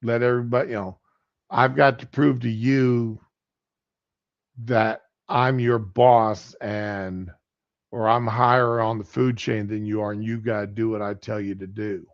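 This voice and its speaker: A man's voice: on the low side, little pitch movement, measured pace, lo-fi sound. A man hosting a livestream, telling a work story in a folksy, plain-spoken way. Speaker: livestream host. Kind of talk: casual storytelling.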